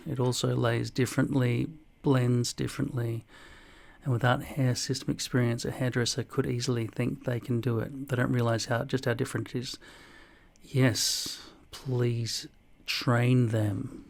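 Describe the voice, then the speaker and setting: Man, forties, vlogger replying to comments, dry and profane, gravelly voice. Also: mid-range voice. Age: 40s. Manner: dry, deadpan, heavy swearing. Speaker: hairpiece vlogger reading viewer comments. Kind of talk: casual comment-reply vlog.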